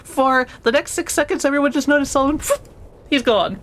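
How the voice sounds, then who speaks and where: A woman's voice: sits high, brisk, background noise. A woman casually playing a tabletop game, giggly and rambling.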